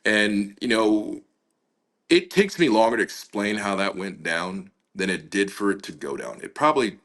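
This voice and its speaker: Low-voiced man telling a story casually. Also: animated, normal speed, fairly bright tone. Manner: casual, many fillers, acts out quoted dialogue. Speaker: interview guest. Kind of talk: conversational storytelling.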